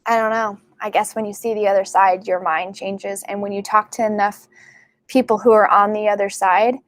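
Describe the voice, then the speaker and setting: A woman working as a psychic medium, talking casually and excitedly to her viewers, full of fillers and "like". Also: medium pitch, normal speed. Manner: chatty and excitable, many fillers and likes. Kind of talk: casual spiritual talk to camera.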